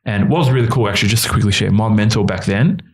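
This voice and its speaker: A man's voice: on the low side, rapid-fire. A man, a guest telling a candid, emotional personal story in an interview. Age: 30s. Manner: earnest, emotional, quotes others in his stories. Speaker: youth worker and guest.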